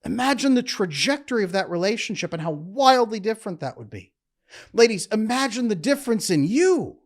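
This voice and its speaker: Man, relationship coach, calm measured talk, emphatic short phrases, animated pitch. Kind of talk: motivational talk to camera.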